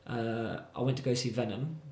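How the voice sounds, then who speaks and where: Animated man telling a story. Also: mid-range voice, moderate pace. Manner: animated storyteller, many fillers. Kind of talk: casual chat. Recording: roomy echo.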